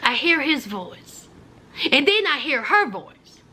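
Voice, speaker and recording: A woman's voice: sits high, very animated, slow pace, bright, forceful tone. A woman, telling a personal story in a vlog, dramatic and speaking straight to her viewers as friends, sometimes dropping to a whisper. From rural Virginia. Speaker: vlogger.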